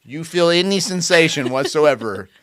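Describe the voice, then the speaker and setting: A man's voice: a little high, animated, normal speed, a crowd in the background. A man co-hosting a podcast in casual chat, telling stories animatedly and laughing mid-sentence. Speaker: podcast co-host.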